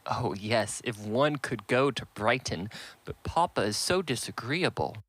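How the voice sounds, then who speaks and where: A man's voice: medium pitch, lively intonation, unhurried, fairly bright tone, dry recording. A man reading the part of a giddy, spoiled teenage girl in an audiobook, in a plaintive, whining way.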